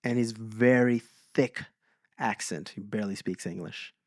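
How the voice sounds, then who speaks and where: A man co-hosting a podcast, telling stories in a casual chat and slowing down for emphasis. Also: on the low side, dry recording, studio quality. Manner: animated storyteller, slows for emphasis. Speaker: podcast co-host.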